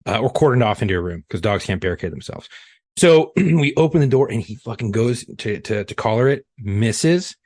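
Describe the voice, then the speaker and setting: Profane ex-police chief telling stories. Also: male voice, lowish voice, lively intonation, fairly quick, a little mellow, no room sound. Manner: profane, rambling anecdote with many fillers. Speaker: podcast guest, former police chief. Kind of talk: casual podcast storytelling. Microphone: studio podcast mic.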